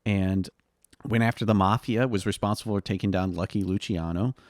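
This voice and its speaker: An easygoing man with a fairly low voice co-hosts a relaxed history podcast. He chuckles often and fills his pauses with "uh" and "um". The sound is close and dry. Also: no echo. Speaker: podcast co-host. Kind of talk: casual history chat.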